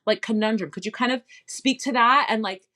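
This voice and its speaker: A woman's voice: a little high, brisk, bright, forceful tone. Reflective woman hosting a podcast. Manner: reflective, thoughtful, with fillers. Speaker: podcast host. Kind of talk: casual chat.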